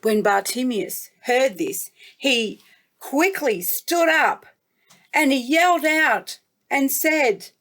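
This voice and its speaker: A woman from New South Wales with an Australian accent, gently telling a Bible story to children as a guest storyteller. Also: high-pitched, expressive. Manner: gentle, slow, warmly emphatic.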